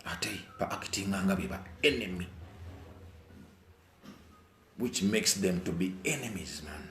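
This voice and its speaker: Low-voiced Ugandan man, repetitive, echoey. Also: animated, moderate pace, a little hiss or hum. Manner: repeats phrases for emphasis, mixes languages; swings between low brooding talk and loud heated outbursts. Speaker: musician giving his opinion. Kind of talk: casual opinion monologue. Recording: echoey room.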